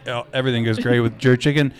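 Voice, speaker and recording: A man's voice: mid-range voice, steady tone, fast. A man co-hosting a podcast in a casual, joking chat and signing off the episode. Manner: upbeat, joking, wraps up the show. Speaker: podcast co-host.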